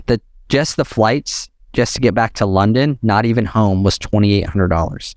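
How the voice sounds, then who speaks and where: A young adult man telling a long personal story as a podcast guest, animated and quick, peppered with "like" and "literally". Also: lowish voice, no echo, studio quality. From United States. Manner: animated, fast-talking, heavy use of "like" and "literally".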